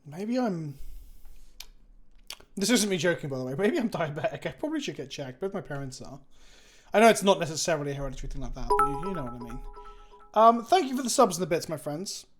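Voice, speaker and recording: On a casual live stream, a weary English man rambles to his viewers in a self-deprecating way, sounding tired and sluggish. His voice is fairly high and very animated, his pace quick, with faint music in the background.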